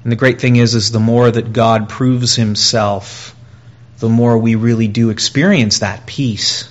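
A man preaching a sermon in an earnest way, repeating phrases and pausing, and growing louder and higher when he voices pleas. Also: steady tone, highs cut off. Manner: earnest, with pauses and repetition, rising and louder in quoted pleas.

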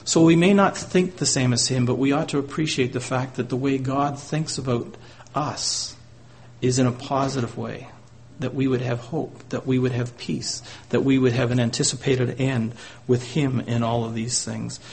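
A man's voice: medium pitch, steady tone, normal speed, a little mellow, slight background noise. A man preaching a sermon, often closing his points with rhetorical tag questions to the congregation.

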